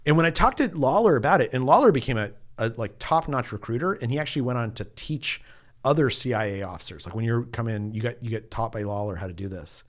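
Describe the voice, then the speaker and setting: A middle-aged man, an author being interviewed, telling a story in an animated, chatty way with lots of casual fillers. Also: mid-range voice, quick pace. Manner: animated storyteller, acts out quotes, frequent "like" fillers. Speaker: author and journalist guest.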